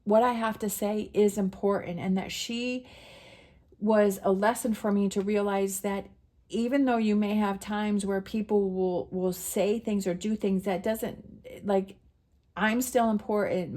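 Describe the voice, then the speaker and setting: A middle-aged woman speaks in a casual, rambling monologue about her own life, often restarting her sentences. Her voice is mellow and warm, and it carries plenty of emotion. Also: medium pitch, fairly even intonation, normal speed. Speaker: tarot reader sharing a personal story.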